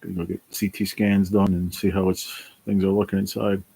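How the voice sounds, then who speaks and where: Tired low-voiced New man. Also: level tone, fairly quick, gravelly, mellow, breathy edge. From New Jersey. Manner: tired, sighing, swears casually. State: worn out. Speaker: livestream host reading chat. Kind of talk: casual livestream chat.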